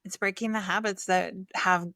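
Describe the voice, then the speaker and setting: A woman's voice: medium pitch, fairly even intonation, normal speed, creaky, sharp tone, no room sound, studio quality. A woman co-hosting a podcast, chatting in a reflective, affirming way. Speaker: podcast co-host. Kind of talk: casual podcast chat.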